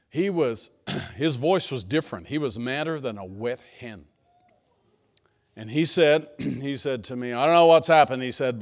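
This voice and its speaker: A pastor preaching a sermon to his church, telling personal stories in a folksy manner that swings between hushed asides and emphatic lines. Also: medium pitch. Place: church sanctuary.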